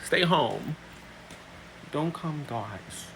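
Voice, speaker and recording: A man telling a story to camera in a casual, emphatic way, his voice leaping from low asides to loud high outbursts. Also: expressive, extremely slow, creaky, slight background noise. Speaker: vlogger.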